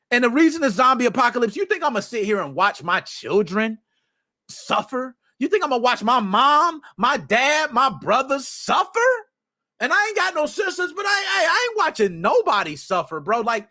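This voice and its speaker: High-voiced guy streaming, super animated, yells a lot, bright sharp tone. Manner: animated, excitable, shouts often, slangy. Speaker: streamer, podcast host. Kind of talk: casual livestream chat.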